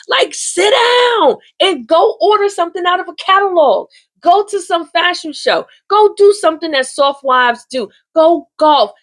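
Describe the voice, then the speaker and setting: A woman vlogger recapping a soap opera in a sassy, slangy, animated way, talking straight to the viewer. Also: high-pitched. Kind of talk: casual chatty recap.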